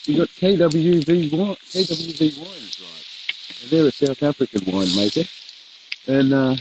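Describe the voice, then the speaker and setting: A man's voice: on the high side, normal speed, noisy background. A man co-hosting a live barbecue show, chatting casually and laughing easily while he grills. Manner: easygoing, laughs often, says "mate".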